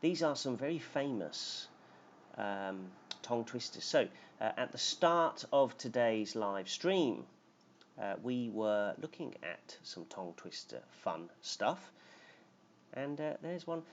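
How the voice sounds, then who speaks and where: A man teaching a live-streamed lesson, halting with many filler sounds and playful as he tries tongue twisters. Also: on the low side, animated. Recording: dull lo-fi live stream audio.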